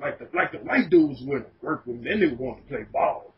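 A man's voice: mid-range voice, brisk. A man telling profane stories in a casual podcast chat. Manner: animated, laughing, profane storytelling. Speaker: podcast guest. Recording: dull lo-fi podcast audio with faint noise.

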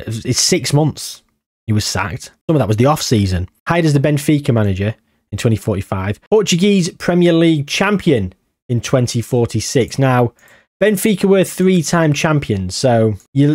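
A young man giving casual, excitable commentary on a football management game, swinging from musing to amazed outbursts. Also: medium pitch, no room sound, clean studio sound. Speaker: gaming YouTuber.

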